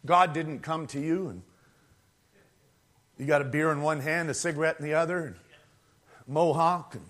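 A man preaching a sermon, conversational and animated, acting out quoted voices and rising to shouts at climaxes. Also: a little high, normal speed.

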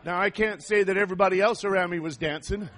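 A man preaching a fervent sermon, reading scripture and rising to shouts of praise. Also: high-pitched, fairly even intonation, fast.

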